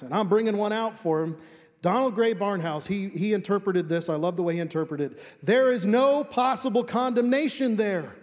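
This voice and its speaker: A middle-aged male pastor delivers an earnest sermon, leaning hard on single words and repeating them for emphasis. His voice sits a little high for a man. It carries the long, trailing reverb of a church sanctuary. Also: darkish tone.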